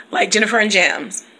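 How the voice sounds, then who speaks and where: A woman's voice: medium pitch, bright, forceful tone. A woman teacher vlogging in a casual, playful chat, laughing often and breaking into bits of song. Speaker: teacher and video blogger. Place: at home, reading from her computer.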